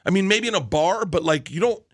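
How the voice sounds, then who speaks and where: A man's voice: sits high, brisk, dry recording, clean studio sound. A man in his forties from Florida, telling stories as a comedian guest in a casual interview, acting out quotes and laughing.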